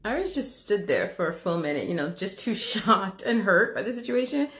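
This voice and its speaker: A woman's voice: medium pitch, big pitch swings, normal speed, fairly bright tone. A woman hosting a reaction video, telling a personal story in candid, casual commentary full of filler words.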